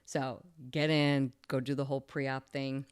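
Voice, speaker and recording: A middle-aged woman, a former surgeon, telling lively anecdotes as an interview guest and acting out the people she quotes. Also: rumbling low, unhurried, smooth. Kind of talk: casual interview storytelling.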